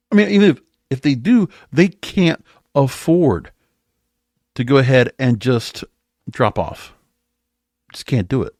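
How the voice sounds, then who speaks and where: A man's voice: mid-range voice, no echo, studio quality. Impassioned man ranting on a podcast. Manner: impassioned, mocking the industry in sarcastic asides; rhetorical tag questions like "okay?" and "right?". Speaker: podcast host. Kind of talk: opinionated solo commentary.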